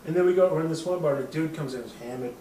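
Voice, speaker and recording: A man's voice: on the high side, rapid-fire, mellow. Casual host, man, profane rambling storyteller; roomy distant sound with faint background hum. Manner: rambling, profane, laughing at his own story. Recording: roomy, off-mic with faint ambience.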